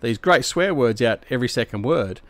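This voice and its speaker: A middle-aged Aussie streamer rambles through replies to viewers during a game live stream, relaxed and full of slang. He has a mid-range voice, sounds animated and talks at normal speed, with no echo in the audio.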